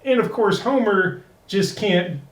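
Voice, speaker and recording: A man with a slightly high voice co-hosts a relaxed podcast episode review. He laughs often and acts out the quoted lines. He sits a little away from the mic in an echoey room. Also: slow pace, recorded from a distance. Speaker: podcast co-host. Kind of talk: casual episode review chat.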